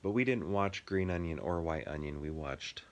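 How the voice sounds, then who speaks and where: Deep-voiced easygoing man, thirties, casual co-host who rambles and laughs. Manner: easygoing, laughs often, drawn-out explanations. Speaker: podcast co-host. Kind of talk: casual chat.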